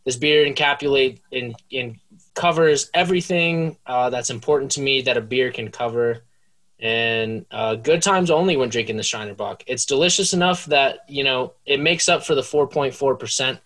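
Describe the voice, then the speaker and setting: A man co-hosting a casual podcast, reviewing a beer in a dry, deliberate, self-mocking way. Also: mid-range voice, a bit bright. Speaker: podcast co-host.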